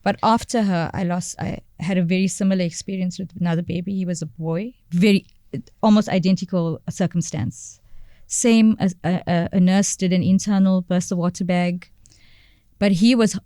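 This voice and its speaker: Woman on a podcast, kinda low mellow voice, halting, keeps restarting her sentences. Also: steady tone, no room sound, studio quality. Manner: halting, searching for words, repeating phrases. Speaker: podcast guest. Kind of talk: personal story in a podcast interview.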